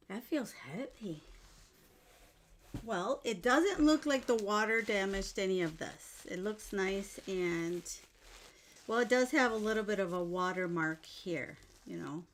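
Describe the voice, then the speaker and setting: A jewelry-making vlogger chats casually with her viewers while unboxing, gushing and exclaiming with delight. She has a medium-pitched voice and films in a bedroom at home she uses as a filming room. There's a little hiss or hum.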